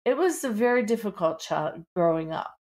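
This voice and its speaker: A woman's voice: mid-range voice, animated, moderate pace, darkish tone. A middle-aged woman with a Pittsburgh accent, an author talking candidly in a podcast interview, full of "you know" fillers. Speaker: author guest.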